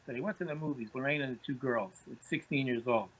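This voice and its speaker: A man's voice: mid-range voice, fast, fairly bright tone, breathy edge, rough recording. A man, a podcast guest telling anecdotes in conversation, often repeating words as he starts phrases. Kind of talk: storytelling in conversation.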